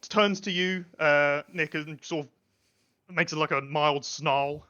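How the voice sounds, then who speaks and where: A man narrating a tabletop game as its game master, hedging with 'sort of' at every turn. His voice is bright and a little high for a man, and the mic sounds dull and lo-fi. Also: fairly even intonation, takes it slowly, clean tone. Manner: hesitant, full of 'sort of' and 'like'.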